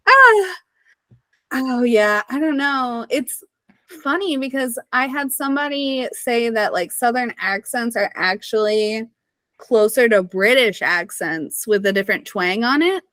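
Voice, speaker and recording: A woman from Missouri, a guest on a podcast, chatting casually with plenty of "like" and "you know" fillers. Her voice sits a touch high for a woman. The recording is dry and close, with no room sound. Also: a little slow, fairly bright tone, no room sound. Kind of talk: casual conversational interview.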